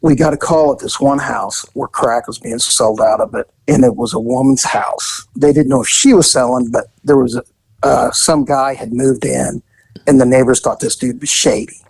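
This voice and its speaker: A middle-aged man, once a police detective, telling crime stories in a casual, animated way and jumping into high voices when he quotes people. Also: moderate pace, vocal fry, husky, dry recording, low-quality recording. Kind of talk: casual storytelling.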